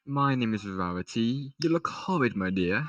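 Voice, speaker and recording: A man's voice: mid-range voice, expressive, normal speed, far from the mic, muffled recording, natural voice. A man doing a prim fussy pony lady. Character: prim fussy female pony, fashion-minded.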